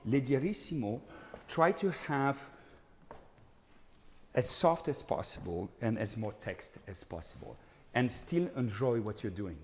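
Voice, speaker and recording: A man's voice: mid-range voice, measured pace, pauses often, a little hiss or hum. A man teaching an opera master class, scatting rhythms and singing phrases to show the singers what he wants. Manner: animated, scats rhythms and sings phrases to demonstrate. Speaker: vocal coach. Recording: reverberant hall.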